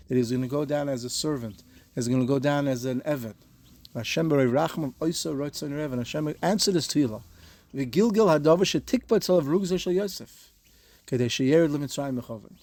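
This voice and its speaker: Earnest rabbi with a fairly high voice. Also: male voice, a little mellow, no echo. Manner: explains earnestly, mixing Hebrew and Yiddish terms; rises to emphatic peaks when stressing a point. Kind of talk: Torah lecture.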